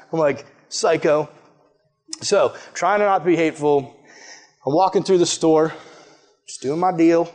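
High-voiced, casual storytelling preacher. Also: male voice. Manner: casual, animated storytelling with many fillers. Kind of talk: storytelling sermon.

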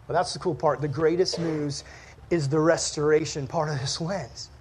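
A man with a notably high voice gives a relaxed sermon to a room of teenagers. He talks like a friend, cracking jokes at his own expense and laughing as he goes. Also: normal speed, husky. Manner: chatty and joking, laughs often at himself. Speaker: youth pastor.

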